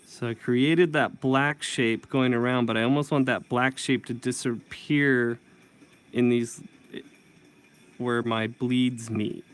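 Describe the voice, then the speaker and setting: A man's voice: mid-range voice, fairly even intonation, slow pace, clean tone. A man teaching comic inking in a casual tutorial, thinking aloud and correcting himself as he works. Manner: thinking aloud while working, self-correcting. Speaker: comic book inker.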